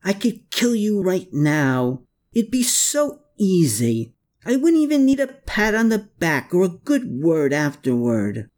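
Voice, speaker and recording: A man's voice: fairly high pitch, huge pitch swings, measured pace, darkish tone, pitched above the performer's own voice, exaggerated voice. A man reading aloud, voicing a bitter, contemptuous man who snarls his lines in a raised voice. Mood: sneering.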